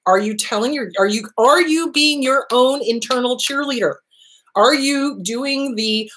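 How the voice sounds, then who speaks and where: A woman's voice: fairly high pitch, unhurried, a bit bright. A woman hosting a talk show, giving casual therapy advice and acting out inner voices and quotes.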